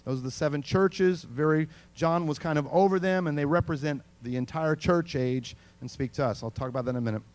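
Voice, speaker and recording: A male pastor giving a lively sermon, calling on the congregation and repeating words. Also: a little high, a little fast, few pauses.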